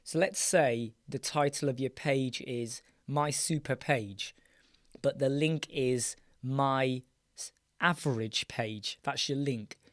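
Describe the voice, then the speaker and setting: A British man hosting a casual live chat show, his voice a little croaky and weak, answering viewers by name. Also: mid-range voice, slow pace, dry recording, studio quality. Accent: British English. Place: small dark soundproofed room.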